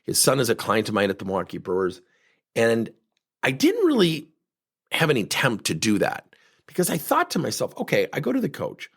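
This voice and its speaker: A middle-aged man giving a motivational talk as a former coach, telling stories in an animated way and acting out the people in them. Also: medium pitch, fairly quick, breathy edge. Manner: animated storytelling, acting out quotes.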